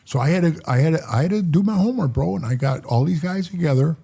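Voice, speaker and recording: An older man with a husky, mellow voice tells stories in a casual podcast interview. He talks rough and profane and acts out each person in his tales. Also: on the high side, animated, quick pace. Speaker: podcast guest, former motorcycle club president.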